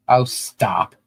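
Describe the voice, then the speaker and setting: A woman's voice: a bass voice, creaky, husky, no room sound. Emotional woman podcast co-host, dry close sound. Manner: emotional, reminiscing, laughs often. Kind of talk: casual chat.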